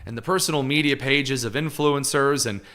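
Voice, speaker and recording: A man's voice: medium pitch, normal speed, bright, forceful tone. A man hosting live political commentary, talking in a sarcastic, mocking way.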